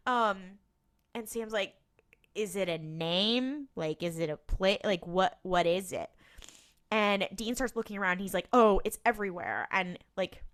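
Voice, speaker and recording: Female podcast co-host, casual recap, middle-pitched, rambling delivery full of fillers. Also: fairly bright tone. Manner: retells scenes with quoted lines, many fillers and laughs.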